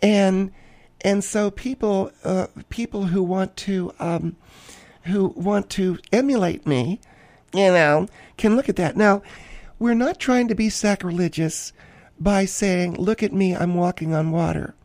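A man's voice: sits high, measured pace, darkish tone, no room sound. A man voicing a flamboyant, self-absorbed woman podcast host who rambles theatrically and gushes about herself. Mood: gushing. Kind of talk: comic character monologue.

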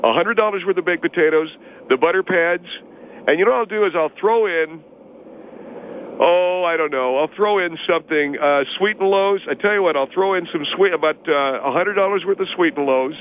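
Brief: man playing arrogant, self-bragging restaurateur, raised pitch, phone-line sound. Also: fairly quick, close to an everyday voice. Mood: boastful. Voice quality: cocky, bragging, talks about himself in third person. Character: arrogant boastful male restaurant owner, middle-aged. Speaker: show guest. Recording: tinny phone line, faint hiss.

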